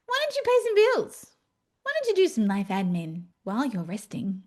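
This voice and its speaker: A woman's voice: fairly high pitch, huge pitch swings, moderate pace. A woman voicing her own nagging inner voice, firing off one demanding question after another. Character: nagging female inner voice, relentless.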